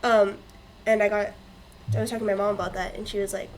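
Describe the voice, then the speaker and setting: A woman chats on a podcast with animated energy, laughing easily and rambling as she tells a story. Her pitch sits in a middle range. A faint hiss runs underneath. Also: quick pace, long pauses, low-quality recording. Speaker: podcast co-host. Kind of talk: casual chat.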